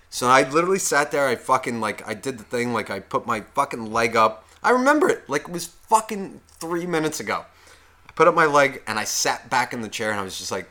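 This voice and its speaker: A man co-hosting a podcast, telling a wedding story in a profane, animated way with loud outbursts. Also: mid-range voice, moderate pace. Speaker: podcast co-host. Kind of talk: casual chat.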